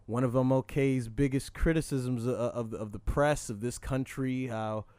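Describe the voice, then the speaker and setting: A man's voice: medium pitch, fairly even intonation, moderate pace, darkish tone, smooth, no echo. A man with a mid-range voice co-hosting a podcast in casual chat. He is blunt and sardonic, and the recording is dry and close. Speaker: podcast co-host.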